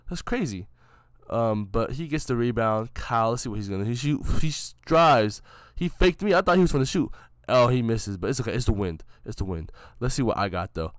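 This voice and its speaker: A man's voice: fairly low pitch, no room sound. Young guy narrating his pickup game, joking and roasting himself, dry close voice. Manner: joking, self-mocking hype commentary. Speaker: vlogger narrating his own game footage. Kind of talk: casual play-by-play commentary.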